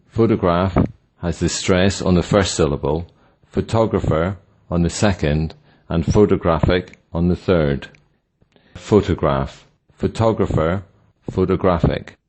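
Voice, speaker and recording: A man narrating a scripted pronunciation lesson, slowly and deliberately sounding out example words. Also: low voice, darkish tone. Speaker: pronunciation teacher.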